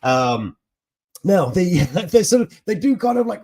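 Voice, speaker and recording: A man hosting a casual, jokey news chat with laughing asides and a husky voice. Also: medium pitch, sing-song, measured pace, a little mellow. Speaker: host.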